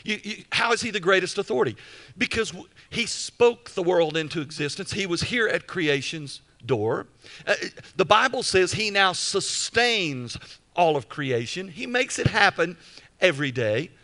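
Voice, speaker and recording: A male pastor preaching a sermon emphatically, repeating key phrases and slowing down for weight. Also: high voice, lively intonation, bright, forceful tone.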